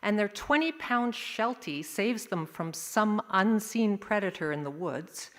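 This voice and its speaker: A woman sharing a vivid personal story at a service, telling it expressively with dramatic pauses. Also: mid-range voice, lively intonation. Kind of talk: storytelling to a congregation. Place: large worship hall. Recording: long hall reverb.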